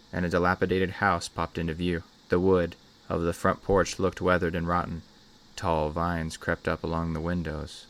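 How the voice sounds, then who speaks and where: A man hosting a channel and reading a horror story aloud in a measured, dramatic way. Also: sits low, a bit bright. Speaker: host, story reader. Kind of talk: scripted horror story narration.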